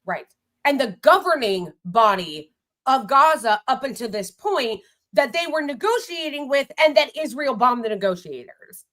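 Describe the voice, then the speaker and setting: This is an American woman with a fairly high voice hosting a casual political chat. She talks bluntly and with heat, swearing freely and pressing her points hard. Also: normal speed. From United States. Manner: blunt, swears, heated and animated. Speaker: host.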